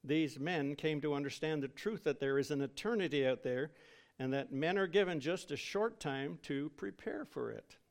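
A man's voice: fairly high pitch, moderate pace. A man preaching a sermon in a solemn, dramatic way, drawing out words for emphasis.

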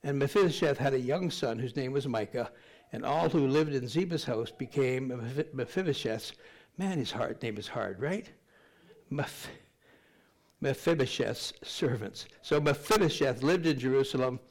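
An older man preaching a sermon to his congregation in a conversational, joking way. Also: medium pitch. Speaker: pastor.

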